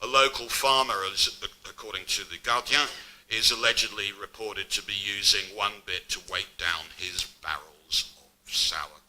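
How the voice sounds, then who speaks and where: A man's voice: on the low side, steady tone, moderate pace, pushed and bright, slight background noise, rough recording. A middle-aged man giving an academic public lecture, mixing scholarly narration with wry asides.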